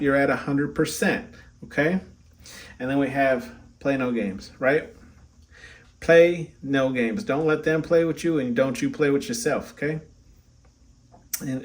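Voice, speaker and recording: A man's voice: medium pitch, recorded from a distance. A man giving a casual oracle card reading, chatty, peppering his talk with "right?" and "okay?". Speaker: tarot reader.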